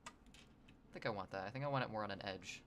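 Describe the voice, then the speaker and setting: A man's voice: lowish voice, a little fast, noisy background. A man streaming his drawing session, rambling and joking with his chat. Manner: rambling, jokey, talks to chat. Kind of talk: casual livestream chat while sketching.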